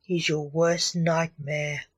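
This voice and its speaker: A woman's voice: fairly low pitch, moderate pace, lightly acted. A woman voicing a grumpy young man, a necromancer, speaking coldly and sarcastically. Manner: cold, dark, sarcastic.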